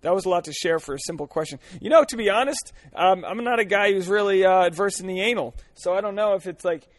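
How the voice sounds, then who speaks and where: Male podcast host, thirties, rambling comic monologue from a car, a bit high-pitched, dry. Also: quick pace, no room sound. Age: 30s. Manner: crude, rambling, joking, many fillers and restarts. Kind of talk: solo comedic podcast monologue.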